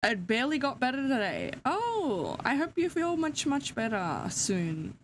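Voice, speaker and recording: A woman's voice: sits high, big pitch swings, a little slow, slight background noise. A young woman chatting casually to her live-stream chat, sleepy, giggly and yawning. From Australia.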